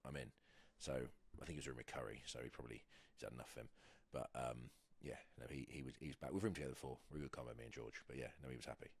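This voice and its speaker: A man's voice: rumbling low, rapid-fire, gravelly, few pauses, breathy edge, no room sound. An English rugby player in his thirties, chatting on a podcast in a rambling, hesitant way with lots of fillers and restarts. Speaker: guest, professional rugby player. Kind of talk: casual podcast chat.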